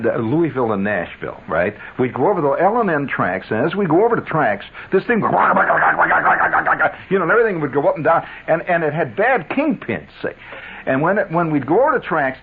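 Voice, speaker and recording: A man's voice: fairly high pitch, breathy edge. A man telling a wry, rambling story as a radio storyteller, with lots of asides to his listeners. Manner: wry, animated, digressive. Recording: narrow phone-like 1970s radio sound.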